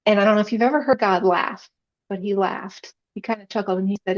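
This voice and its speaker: Woman guest, earnest testimony, mid-pitched, slightly dull lo-fi sound. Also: fast. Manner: earnest, emotional storytelling. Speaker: podcast guest, chaplain. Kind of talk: personal faith testimony.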